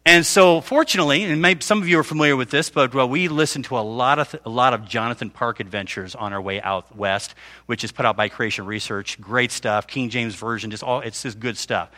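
A middle-aged man preaching a sermon as a guest speaker, telling a family story and acting out the dialogue in a lively way. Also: medium pitch, brisk, in a large hall.

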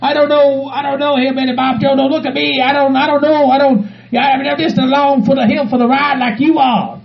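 Casting: man voicing a high, gravelly pal, pleading and repeating himself; muffled sound. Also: steady tone, a little fast. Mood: bewildered. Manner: pleading, soothing, repetitive. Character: anxious gravelly sidekick friend, male. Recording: muffled recording.

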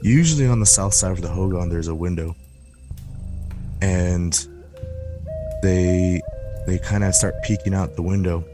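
A man with a very low voice tells a scary story on a podcast. He builds suspense slowly and repeats words for effect. Music plays clearly beneath his voice. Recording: music playing under the voice.

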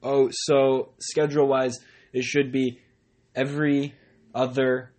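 A young man co-hosting a casual podcast, talking loudly and rambling with giggles, recorded on a tablet microphone. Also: mid-range voice, level tone, slow. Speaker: podcast co-host. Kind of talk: casual banter.

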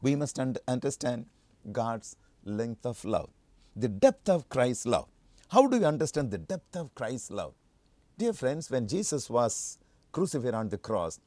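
A man preaching a sermon with emphatic delivery, leaping to high fervent peaks and repeating his key phrases. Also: warm tone, no room sound.

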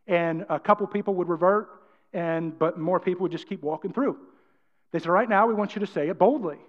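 High-voiced man preaching in a reverberant hall. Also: brisk. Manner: energetic, emphatic preaching with acted-out quotes. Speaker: pastor. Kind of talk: sermon. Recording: dull sound, long church-hall reverb.

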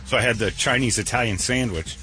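A middle-aged male radio host telling a rambling story with plenty of self-mocking jokes. His voice sits at an ordinary middle pitch, close on a studio mic. A little music plays faintly behind him. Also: brisk, sharp tone. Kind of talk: casual storytelling on morning radio.

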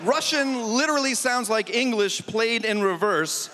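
A man doing a stand-up comedy set on a festival stage, animated and punchy with mock exasperation. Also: very high voice, a little slow, long reverb tail, background noise.

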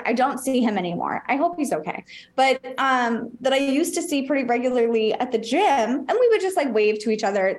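A woman with a slightly high voice tells a personal story in a loose, chatty way. She laughs often and swears casually. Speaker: podcast co-host.

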